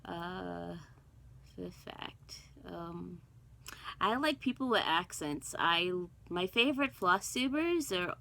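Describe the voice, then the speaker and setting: Here the Guyana-born, Brooklyn-raised woman sounds forceful, her low-leaning voice bright in tone. A middle-aged cross stitch vlogger, she rambles casually to camera with plenty of ums, side remarks, and self-talk, all on a low-quality recording.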